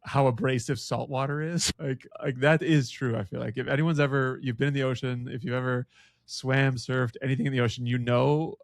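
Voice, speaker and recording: Gravelly, playful man, dry close sound. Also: mid-range voice, steady tone, a little fast, no room sound. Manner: playful, laughing, riffs on jokes. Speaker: podcast co-host. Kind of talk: casual book club chat.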